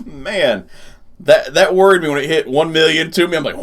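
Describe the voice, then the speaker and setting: A man's voice: mid-range voice, moderate pace. A man hosting a gaming channel, giving casual gameplay commentary while thinking aloud and laughing often.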